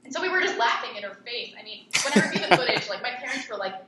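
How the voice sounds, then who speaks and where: Over a noisy crowd, a young adult woman who hosts a podcast fires off blunt, contemptuous answers as an interview guest, very fast, with a fairly high pitch and lively intonation. The space sounds echoey, with faint background noise.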